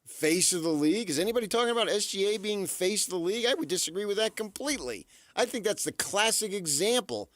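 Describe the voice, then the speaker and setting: A man's voice: high voice, fast talker, hardly any pauses, no echo. A man co-hosting a sports radio show, talking emphatically and playfully about himself and the games. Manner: emphatic, animated, playful self-assured. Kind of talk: casual sports talk radio banter.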